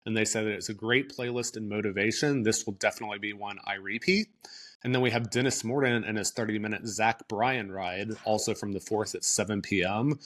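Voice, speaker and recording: A man's voice: fairly low pitch, steady tone, brisk, fairly bright tone. A man co-hosting a podcast, reading news items in an easygoing, casual way and often hedging with "I think". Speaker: podcast co-host.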